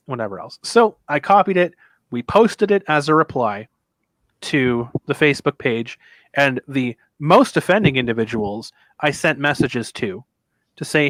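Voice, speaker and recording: A man in the middle of a long story, getting animated and putting on voices for the people in it. He talks loosely and swears freely. The sound is dry and close, with no room echo. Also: mid-range voice, normal speed. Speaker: podcast co-host telling a convention story. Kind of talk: casual storytelling.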